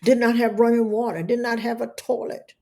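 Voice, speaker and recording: A woman's voice: a little high, fairly even intonation, a little fast, a little mellow. Fervent woman giving a testimony. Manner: fervent, preacherly, repeats words. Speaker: guest, entrepreneur. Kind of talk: emotional testimony.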